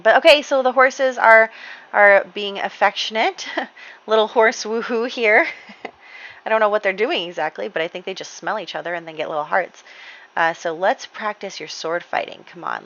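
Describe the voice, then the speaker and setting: A woman's voice: lowish voice, gravelly, fairly bright tone, lo-fi sound. A woman giving casual, rambling gameplay commentary, chatty, with lots of ums and light laughs. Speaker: gaming channel host.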